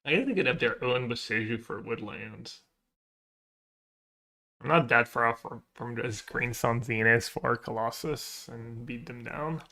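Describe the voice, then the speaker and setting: A man streams a card game, muttering casually as he thinks aloud about his plays and chats with viewers. His mid-range voice is a little slow, creaky, and sharp in tone.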